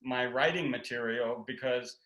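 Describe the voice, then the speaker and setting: Man co-presenter, bright tone, anecdotal and jokey, roomy echo. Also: mid-range voice, unhurried. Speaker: communication workshop speaker. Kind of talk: teaching talk with spouse.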